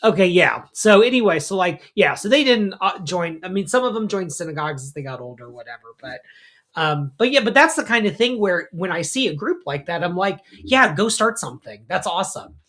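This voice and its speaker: Here a rabbi in middle age, one of a podcast's co-hosts, talks quickly in a high voice. His storytelling is lively and loose, with plenty of filler words and tangents, like an ordinary conversation.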